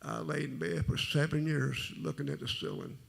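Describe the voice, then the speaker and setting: Middle-aged man, deep gravelly and husky, lively pitch, halting folksy church testimony. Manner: rambling, halting, folksy storytelling. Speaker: testimony speaker. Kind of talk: personal testimony at a church service.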